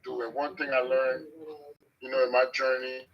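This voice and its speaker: A man's voice: medium pitch, monotone, normal speed, lo-fi sound. A man talking as a guest on a live show, earnest and motivational, repeating his points.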